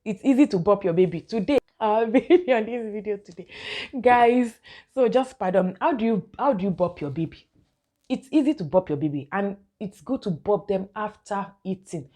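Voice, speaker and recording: A woman's voice: mid-range voice, expressive, moderate pace, dark tone. A young woman, a mother giving casual baby-care tips to her viewers and calling them guys. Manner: chatty, keeps addressing viewers as guys, laughs often. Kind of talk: casual instructional vlog.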